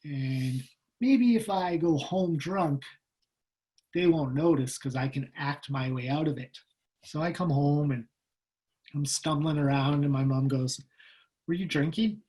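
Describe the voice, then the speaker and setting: A middle-aged man with a slightly raised pitch tells a personal story to an online audience. He speaks in an animated way and slips into the voices of the people he quotes. The sound comes through a video call. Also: a little slow. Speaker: guest speaker.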